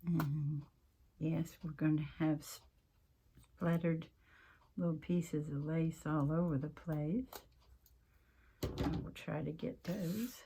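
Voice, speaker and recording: Woman, craft tutorial host, chatty, wanders off topic, slow talker. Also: deep voice, steady tone, creaky, warm tone, slight background noise. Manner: chatty, rambling, interrupts herself; mentions her accent coming and going. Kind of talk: casual craft tutorial chat.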